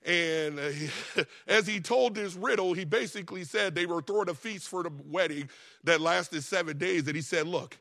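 A male pastor preaching in a casual, storytelling way, with a voice pitched a bit above the usual for a man. He bounces between loud and hushed and laughs his way through the story. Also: moderate pace. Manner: lively storytelling, laughing often, acting out the characters. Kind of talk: sermon.

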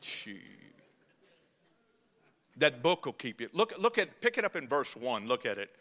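A man with a drawl delivers a Baptist sermon in church. His voice rings bright and edgy, swinging between fiery preaching and folksy wisecracks. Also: medium pitch, big pitch swings, a little slow. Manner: fiery, folksy, joking asides. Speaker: Baptist pastor. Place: church before a congregation.

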